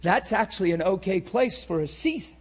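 Male preacher, high husky voice, impassioned sermon delivery. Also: expressive, brisk. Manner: passionate preaching that swings from shouting to hushed.

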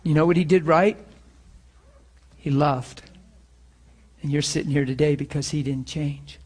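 Man, pastor, somewhat high voice, earnest, conversational, informal sermon and prayer, students in the room. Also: fairly even intonation, measured pace, darkish tone, slightly rough. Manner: earnest, conversational, tells personal stories. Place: room with students present, also streamed online.

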